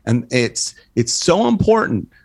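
A man's voice: medium pitch, a little slow, vocal fry, breathy edge, dry recording. A man in his sixties, a guest photographer in a casual podcast chat, telling profane stories, acting out dialogue and laughing at his own punchlines. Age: 60s. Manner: animated storyteller, profane, acts out dialogue.

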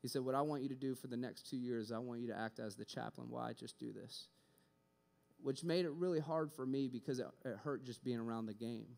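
A young man giving a sermon built on a personal story, animated, acting out both sides of conversations and often repeating words when excited. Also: medium pitch, fairly quick, gravelly. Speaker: preacher.

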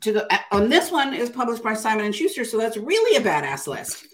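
A woman's voice: on the high side, very animated, brisk, slight background noise. Emphatic older woman telling her story. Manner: emphatic, keeps adding "right?". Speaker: interview guest, author. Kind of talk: casual interview storytelling.

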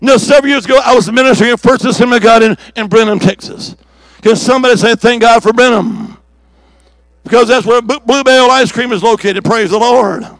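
A man preaching a revival sermon as an evangelist in a church service, with rhythmic repeated declarations and shouted calls for the congregation to answer. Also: very high-pitched, fairly quick, no room sound. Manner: fiery preaching with shouts and call-and-response.

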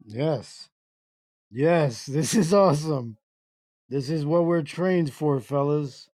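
A man hosting a casual internet radio show, reading chat messages aloud in a slow, halting way and breaking into laughter. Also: fairly high pitch, darkish tone, dry recording, clean studio sound.

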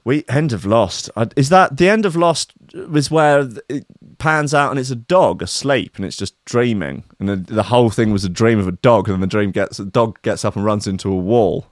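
Sweary, rambling British DJ. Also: male voice, mid-range voice, moderate pace, no echo, studio quality. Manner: rambling, sweary and self-mocking. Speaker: DJ and stream host. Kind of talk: casual livestream chat.

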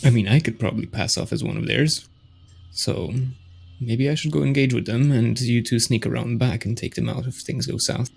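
A man's voice: mid-range voice, fairly even intonation, moderate pace, vocal fry, slightly rough. A man playing a tabletop game, laying out plans in a decisive way. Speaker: player. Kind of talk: casual tabletop play.

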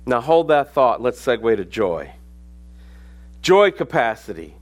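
A man's voice: mid-range voice, big pitch swings, measured pace. A middle-aged man preaching a sermon as pastor, reading scripture aloud and rising to sudden emphasis.

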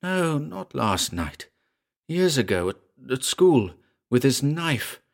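A man's voice: medium pitch, sing-song, takes it slowly, gravelly, voice pushed up, heavily acted. A man reading aloud, voicing a frightened young man whose voice rises and trembles. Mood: rapid, agitated. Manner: urgent, voice rising and trembling.

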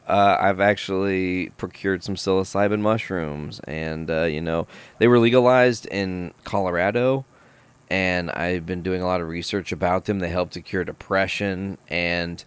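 A young adult man hosting a podcast, telling stories in a casual, profane, animated way. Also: low voice, moderate pace, smooth, no echo. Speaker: podcast host. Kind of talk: casual podcast chat, storytelling.

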